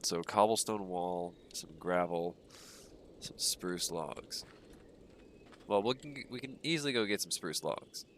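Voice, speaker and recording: Man, very low voice, stuffy nose, relaxed rambling game commentary, faint hiss behind. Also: measured pace. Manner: relaxed, rambling, frequent ums and uhs. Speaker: gaming streamer. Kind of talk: casual livestream commentary while playing.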